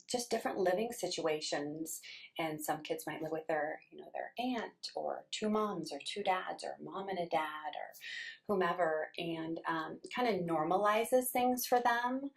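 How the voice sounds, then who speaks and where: Middle-aged woman author, slightly low voice, chatty anecdotal delivery with acted-out quotes. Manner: animated, acts out quoted voices. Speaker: children's book author. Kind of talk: casual storytelling.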